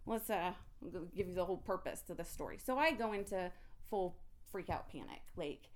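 A woman telling an emotional personal story in an intense, animated way, often restarting her sentences. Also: on the low side, fairly quick.

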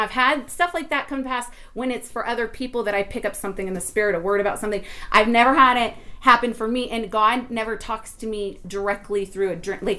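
A woman giving an informal devotional talk, rambling with many restarts and swinging between hushed and excited tones. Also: medium pitch. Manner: rambling, emotional, with frequent restarts. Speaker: Christian teacher.

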